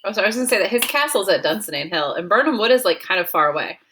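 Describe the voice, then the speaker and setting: A woman's voice: mid-range voice, expressive, racing, fairly bright tone, slight background noise. A woman co-teaching a literature lesson in a chatty, casual way, full of "like" and "you know".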